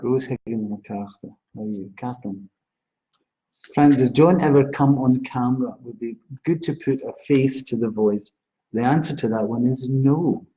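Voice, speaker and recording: A man's voice: mid-range voice, normal speed, warm tone. A man hosting a live stream as a psychic astrologer, greeting viewers by name in a chatty way and giving card readings. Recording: dull lo-fi live-stream audio.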